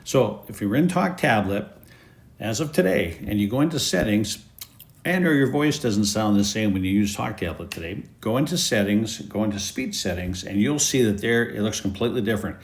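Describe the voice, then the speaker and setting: Low-voiced man explaining an app. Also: expressive, moderate pace. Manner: easygoing step-by-step explaining. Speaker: app presenter. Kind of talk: screen-recorded app tutorial.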